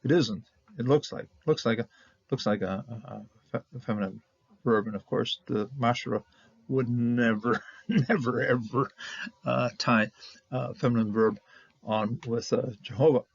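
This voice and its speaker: A man teaching Bible Hebrew verse by verse, halting with fillers and checking in with "okay?", on a dull lo-fi recording. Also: mid-range voice, creaky, husky, no echo. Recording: dull lo-fi sound.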